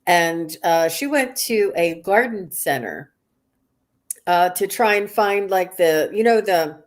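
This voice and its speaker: Low-voiced woman telling a chatty story. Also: lively intonation, slow pace. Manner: chatty, many fillers and restarts. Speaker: guest psychic. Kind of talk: casual storytelling on a live stream.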